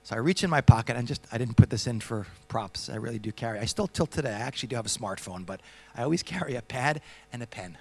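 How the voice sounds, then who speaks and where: A middle-aged man, a speaker at a Jewish convention, telling personal stories to a young audience in a lively, joking way, often asking them questions. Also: medium pitch, fast talker, creaky. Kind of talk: storytelling talk to a youth audience.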